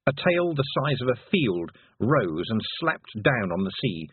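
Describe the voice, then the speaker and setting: A man narrating an audiobook with expressive, dramatic storytelling, on a thin phone-like recording. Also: fairly low pitch, measured pace, breathy edge, dry recording. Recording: phone-like thin band, dry.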